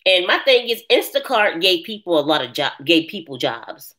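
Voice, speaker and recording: A woman hosting a casual live chat, answering viewers' comments in an animated way and laughing often. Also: lowish voice, normal speed. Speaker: live stream host.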